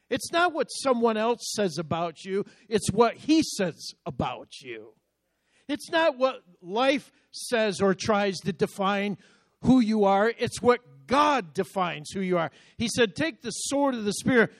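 High-voiced preaching man. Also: animated, no room sound. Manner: emphatic preaching, slows down to read scripture aloud. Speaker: pastor. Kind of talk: sermon.

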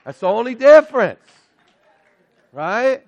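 A male pastor preaching a sermon in an animated way, swinging between loud emphatic lines and hushed asides. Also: very high voice, slow, dry recording, highs cut off.

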